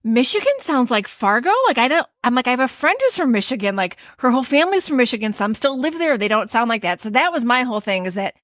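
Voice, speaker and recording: A woman with a Midwestern accent co-hosting a podcast, explaining her view earnestly with many restarts. Her voice is fairly high, recorded dry and close to the mic. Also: lively intonation, fast talker, few pauses, fairly bright tone, no echo. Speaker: podcast co-host. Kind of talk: casual chat.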